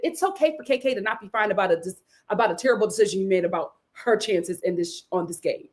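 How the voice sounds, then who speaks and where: A young adult woman giving a sassy, emphatic live recap of a reality show, acting out the cast's lines in quick asides. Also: medium pitch, expressive, a little mellow. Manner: sassy, emphatic, quotes cast members in voices.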